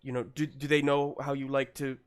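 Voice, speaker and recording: A man's voice: mid-range voice, little pitch movement, natural voice. A man playing a doting, tearful mentor. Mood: fond. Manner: halting, stammering, affectionate. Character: doting older male mentor, tearful, sentimental.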